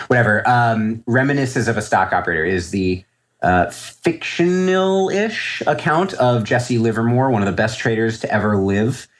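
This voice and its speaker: Guest trader, man in his thirties, deep voice, thinks aloud, restarts often, casual podcast answers. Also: fairly bright tone. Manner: reflective, rambling with many fillers and restarts.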